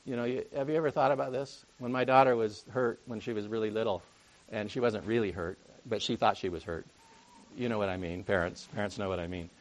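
A man's voice: lowish voice, fairly even intonation, a little fast. A man preaching a conversational sermon, full of jokey asides and rhetorical questions to the congregation.

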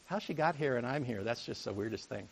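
A man's voice: mid-range voice, lively intonation, quick pace, gravelly, a little hiss or hum. A man preaching a conversational sermon, full of jokey asides and rhetorical questions to the congregation.

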